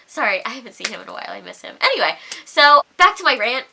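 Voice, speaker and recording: Brief: young female vlogger, high bright voice, animated profane rant. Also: quick pace, gravelly, a little hiss or hum. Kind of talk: storytime rant.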